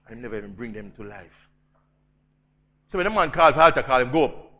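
A man with a Jamaican accent preaching a storytelling sermon, swinging between loud emphasis and hushed intensity. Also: mid-range voice, expressive, a little fast, long pauses, dull audio, slight background noise.

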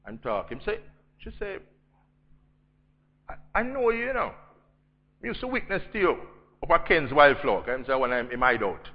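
A man with a Jamaican accent preaching a storytelling sermon, swinging between loud emphasis and hushed intensity. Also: mid-range voice, sing-song, normal speed, pauses often, breathy edge, dull audio.

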